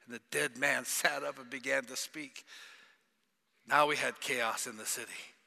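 Gravelly preacher in a reverberant hall. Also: male voice, medium pitch, steady tone, a little slow. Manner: dramatic, swings from loud cries to hushed whispers. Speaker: pastor. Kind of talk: sermon. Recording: long reverb of a large hall.

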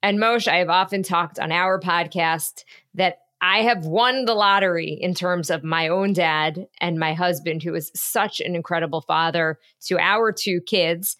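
A woman co-hosting a podcast, speaking warmly and emotionally. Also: fairly low pitch, a little slow. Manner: warm and emotional. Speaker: podcast co-host.

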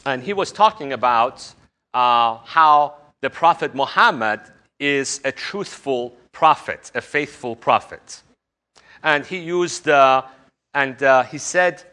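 Bright-voiced male lecturer. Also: mid-range voice, a little slow. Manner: animated teaching, slips into exaggerated voices when quoting others. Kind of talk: recorded course lecture.

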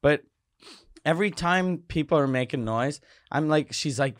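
A man's voice: on the high side, normal speed, no room sound, studio quality. Swearing man telling stories in casual chat. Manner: storytelling with lots of swearing. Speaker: podcast co-host.

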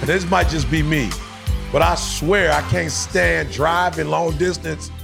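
A man's voice: fairly high pitch, fairly even intonation, unhurried, creaky, over music. A man co-hosting a casual podcast, laid-back and playful with the others. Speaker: podcast co-host. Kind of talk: casual chat.

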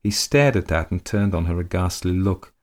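A man reading a classic short story aloud in a measured, unhurried way. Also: low voice. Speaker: narrator.

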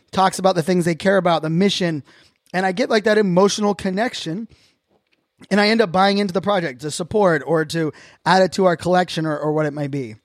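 A man with a high-sitting voice hosts a casual solo podcast, recorded dry and at studio quality. He speaks earnestly and reflects openly, his sentences loose and full of self-corrections and restarts.

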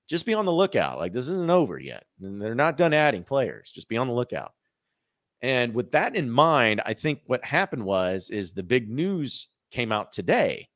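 A man's voice: fairly low pitch, fairly bright tone, no echo, clean studio sound. A man hosting a college sports podcast, talking casually and animatedly with frequent restarts and asides. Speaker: podcast host.

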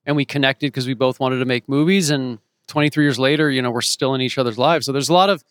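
A man in his forties, an actor and author, telling stories as an interview guest, animated and acting out the voices of the people he quotes. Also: medium pitch, fast talker, clean tone, no room sound. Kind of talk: casual storytelling in an interview. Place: home in Los Angeles.

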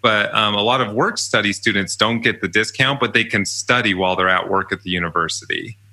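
A man's voice: lowish voice, a little fast, pushed and bright. A young man telling stories about his college jobs in a casual, chatty way, often laughing. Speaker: podcast guest. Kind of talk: casual storytelling interview.

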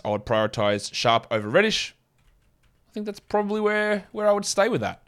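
This fantasy basketball podcast host speaks in a mid-range, somewhat bright voice with a non-American accent. His solo breakdown of his picks is casual and opinionated, peppered with fast asides, and includes an ad read.

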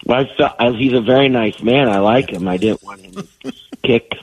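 A man's voice: medium pitch, moderate pace, a crowd in the background, poor audio. A male guest on a radio show, talking with a cold and telling long rambling stories. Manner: rambling storyteller. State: has a cold. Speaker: guest comedian. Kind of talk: casual radio interview.

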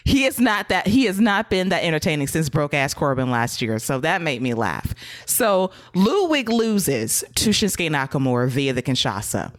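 A woman hosting a wrestling podcast in casual chat, telling stories in a lively, laughing, profane way. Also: sits low, normal speed, dry recording, studio quality.

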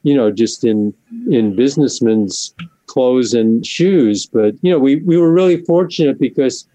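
Hesitant man with a mellow voice. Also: mid-range voice, measured pace, no echo, poor audio. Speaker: band member. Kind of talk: casual interview talk.

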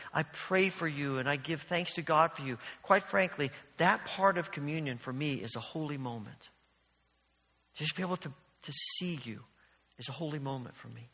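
A man preaches from the front of a church, his voice bright and forceful and pitched a little high. He tells stories earnestly and with animation, and his words ring out with the long reverb of the sanctuary. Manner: storytelling with animated, earnest delivery. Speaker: pastor. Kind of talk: sermon.

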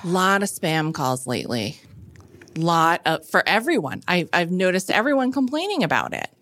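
A woman's voice: on the low side, very animated, normal speed, a bit bright, slight background noise. A woman co-hosting a podcast from a friend's house, easygoing in conversation, often echoing her partner's phrases and laughing easily. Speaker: podcast co-host. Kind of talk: casual chat.

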